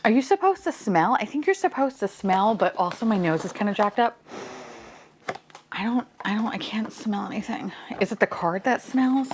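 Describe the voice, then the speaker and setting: Animated woman vlogging a toy unboxing. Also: medium pitch, a little hiss or hum. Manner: playful, swearing, bursts of laughter and whispers. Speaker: vlogger unboxing blind boxes. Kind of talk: casual unboxing chat.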